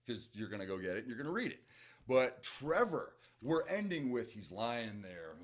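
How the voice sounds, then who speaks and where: Midwestern man, low voice, reading a novel aloud, enthusiastic reactions, chatty. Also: lively intonation, normal speed. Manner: chatty, enthusiastic, self-interrupting. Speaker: book reaction host.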